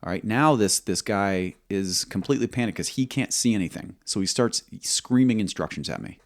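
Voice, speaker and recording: A man who served as a military pilot, telling a combat story in an interview, measured and halting, acting out quoted dialogue. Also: lowish voice, expressive, no echo, clean studio sound.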